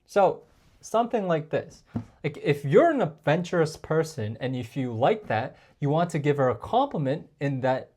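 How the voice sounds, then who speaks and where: A man's voice: fairly high pitch, very animated, moderate pace, darkish tone, slightly rough. Chatty man giving dating advice. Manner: chatty, addresses viewers as guys, frequent fillers. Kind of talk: casual advice talk to camera.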